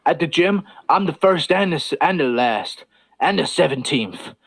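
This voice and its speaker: A man's voice: fairly high pitch, expressive, normal speed, gravelly, a bit bright, pitched above the performer's own voice, heavily acted. A man imitating an adult male fighter who strings unrelated phrases together. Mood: upbeat rambling. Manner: disjointed, jumping between unrelated phrases. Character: rambling adult male fighter, cheerful non sequiturs.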